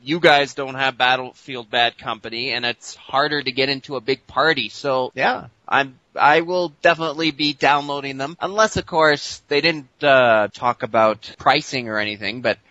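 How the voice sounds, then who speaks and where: A man's voice: medium pitch, normal speed, hardly any pauses, pushed and bright, no room sound, dull audio. A man co-hosting a casual gaming podcast, easygoing, with frequent ums. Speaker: podcast co-host.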